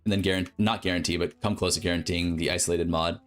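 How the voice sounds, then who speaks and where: A man's voice: deep voice, fairly even intonation, quick pace, soft background music. A man streaming a game, casually thinking aloud through a crafting plan and correcting himself as he goes. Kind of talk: explaining a game crafting strategy.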